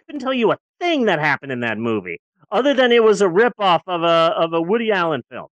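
A podcast co-host in casual movie-review chat who is sarcastic and profane, swinging from loud outbursts to low grumbles. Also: sing-song, a little fast, no echo, muffled recording.

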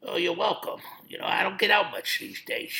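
A man doing an impression of a famous actor, playing a tough middle-aged man with a laid-back, gruff mobster drawl. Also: high voice, very animated, a little fast, pushed and bright, voice pushed up, heavily acted. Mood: friendly.

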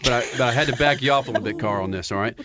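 A man hosting a motorsports radio show, loud and brash, joking and hyping guests. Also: mid-range voice, very fast, dull audio, a crowd in the background. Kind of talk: energetic motorsports radio banter. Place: radio studio.

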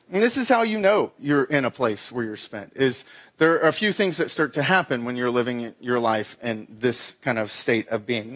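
A middle-aged man delivers a sermon in a notably high voice. He keeps it conversational and self-deprecating, slipping into acted-out asides as he tells stories. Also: a bit bright. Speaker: pastor.

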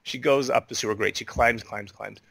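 A middle-aged man with a mid-range voice, brisk and slightly rough with vocal fry, is captured in a dry recording. As a podcast guest in a casual chat, he tells an animated story, acting out the voices of the players in it.

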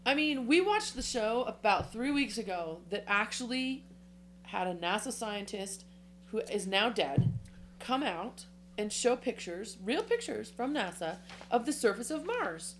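A woman co-hosting a casual comedic chat, ranting with animated, profane energy. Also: fairly high pitch, unhurried, slight background noise.

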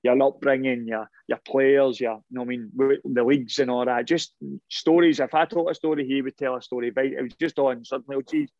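A man's voice: mid-range voice, steady tone, brisk, hardly any pauses, a little mellow, no room sound, dull audio. A middle-aged man, a former footballer, telling long rambling anecdotes in a casual interview, restarting his sentences often.

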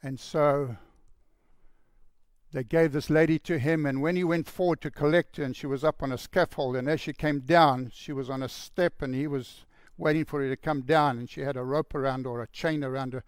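A man telling a story in a sermon with a gravelly voice, earnest, and dropping to a hushed voice for the quoted lines. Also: on the high side, steady tone, normal speed, dry recording, studio quality. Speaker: preacher.

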